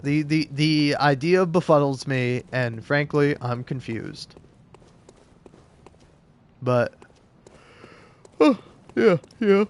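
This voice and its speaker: A man's voice: on the high side, animated, slow, long pauses, clear, resonant tone. A young man rambling sarcastically while playing a game, with frequent swearing. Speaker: gaming channel host. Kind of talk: casual gameplay commentary.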